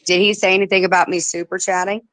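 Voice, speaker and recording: A woman hosting a casual livestream chat, telling animated stories, swearing freely and mimicking the people she talks about. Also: lowish voice, fast, no room sound, rough recording. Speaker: livestream host.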